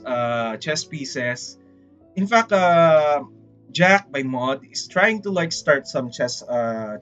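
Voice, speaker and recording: A man with a Filipino accent chatting casually on a livestream, rambling and excitable, often saying "freaking". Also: fairly high pitch, lo-fi sound. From Philippines. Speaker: VTuber streamer.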